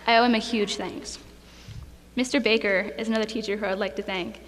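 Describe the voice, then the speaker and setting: A woman's voice: medium pitch, steady tone, fairly quick, a bit bright. A young woman, a graduating student, giving a heartfelt speech and fighting back tears at a school ceremony. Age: young adult. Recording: echoey hall, faint noise.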